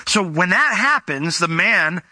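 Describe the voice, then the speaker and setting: A male preacher giving an animated expository sermon, explaining what words mean and asking rhetorical questions. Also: high voice, measured pace, no room sound.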